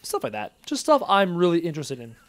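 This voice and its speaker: Guy streaming a survival game, voice jumps all over, kinda high, reading chat and goofing around. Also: fairly quick, dry recording. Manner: animated, jokey, reads out chat messages. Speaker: gaming livestreamer. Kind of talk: casual livestream chat while playing.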